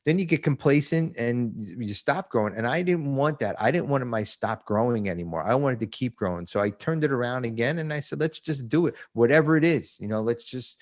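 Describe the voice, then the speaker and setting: This New Jersey man in his fifties is a podcast guest in a casual interview about recovery, blunt and profane, laughing often and sounding emotional. His medium-pitched voice is expressive and brisk, with hardly any pauses.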